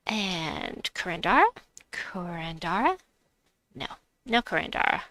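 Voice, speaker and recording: A woman's voice: medium pitch, measured pace, bright, forceful tone, clear, resonant tone, no echo. A middle-aged woman hosting a game live stream, chatting casually, reading chat aloud and laughing at herself. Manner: chatty, giggly, self-mocking. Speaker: livestream gamer host.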